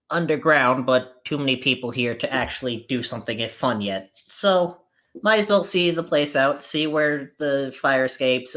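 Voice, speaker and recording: A tabletop player who speaks casually and plainly at a middle pitch, laying out plans step by step in a matter-of-fact way. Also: fairly bright tone. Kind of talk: tabletop role-play.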